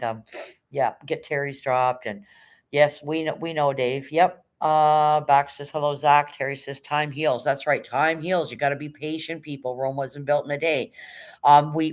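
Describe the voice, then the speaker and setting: Lady streamer hyping up her chat, fast auctioneer vibe, casual and a bit sweary. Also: low-pitched. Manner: hyped, rapid auctioneer-like patter; chatty, encouraging, swears casually. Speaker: livestream host reading chat.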